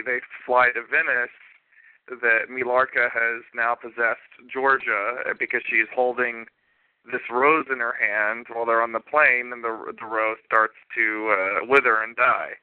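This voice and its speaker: A man cohosting a casual film review podcast, talking in a thoughtful, measured way. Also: medium pitch, clean tone. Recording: dry, phone-like podcast line.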